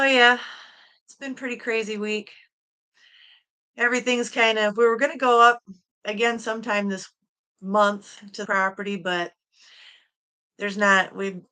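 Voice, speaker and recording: Greeting each viewer by name, the giggly, chatty host from Michigan, USA runs a casual solo stream at home beside a wall-hung quilt. Her medium-pitched voice comes across pushed, bright, and smooth.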